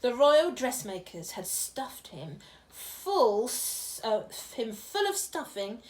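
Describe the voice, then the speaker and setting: A woman's voice: on the high side, very animated, slow pace, darkish tone. A woman reading a children's picture book aloud, chatting and giggling between the lines and dropping to a whisper for suspense. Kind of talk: read-aloud with chatty asides.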